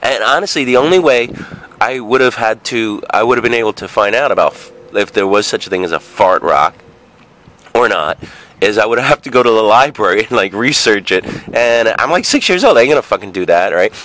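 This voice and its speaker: A man in his forties vlogs a childhood story as a casual monologue, full of rambling tangents, swearing, fillers and asides. His lowish voice is expressive and a bit bright, and he talks a little fast.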